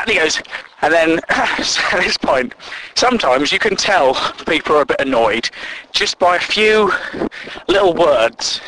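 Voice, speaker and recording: A man's voice: on the high side, animated, measured pace, pushed and bright, a little hiss or hum, poor audio. A man, a podcast host telling comic workplace stories and mocking coworkers with silly put-on voices. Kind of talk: comedic solo storytelling.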